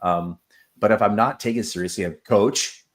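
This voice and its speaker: A man with a lowish voice, an assistant wrestling coach chatting in an interview. He tells stories with lots of "um" and "like" and acts out what people said. His delivery is loose and conversational. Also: a little fast. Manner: storytelling, acts out quoted exchanges, many fillers. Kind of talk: casual interview talk.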